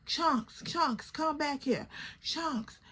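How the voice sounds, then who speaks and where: A woman's voice: on the high side, normal speed, bright, forceful tone. A woman voicing an exasperated young woman firmly urging a drunk friend to come away.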